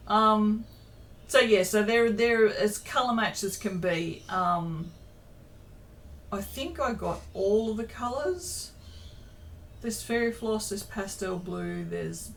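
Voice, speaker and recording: A woman with a medium-pitched voice casually updates viewers on her small business from her home craft room, sounding tired. She wanders off on tangents, says um a lot, and pokes fun at herself, with slight noise in the background.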